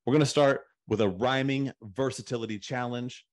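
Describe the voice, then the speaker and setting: A man's voice: mid-range voice, steady tone, normal speed, a little mellow. Playful male podcast host. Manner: playful, laughing, swears freely. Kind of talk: casual podcast chat.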